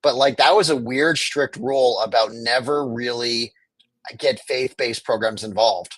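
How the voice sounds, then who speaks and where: A man's voice: mid-range voice, unhurried, a bit bright, no room sound, low-quality recording. A man speaking as a guest in an interview, making his case with passion and acting out what officials would say. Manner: impassioned, argumentative, acts out quoted officials. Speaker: homelessness advocate guest. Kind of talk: conversational interview.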